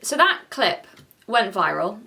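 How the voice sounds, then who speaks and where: A woman's voice: medium pitch, big pitch swings, slow pace, vocal fry, over music. A woman YouTuber giving sarcastic, exasperated commentary on celebrity press tours. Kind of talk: commentary vlog.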